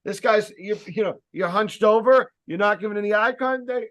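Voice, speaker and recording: A man giving a casual sales training talk, speaking loudly and emphatically, with rambling jokey asides and plenty of fillers. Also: high-pitched, normal speed. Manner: loud, emphatic, projecting voice.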